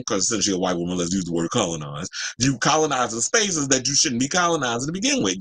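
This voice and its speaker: Animated chatty man with lilt. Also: medium pitch. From Georgia, USA. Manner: animated, chatty, laughs often, slangy asides. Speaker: host. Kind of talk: casual entertainment commentary with live chat.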